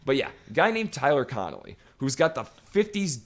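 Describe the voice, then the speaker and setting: A man's voice: medium pitch, big pitch swings, normal speed, fairly bright tone. A man co-hosting a podcast, ranting emphatically and swearing constantly in casual chat. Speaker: podcast co-host. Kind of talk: profane casual podcast rant.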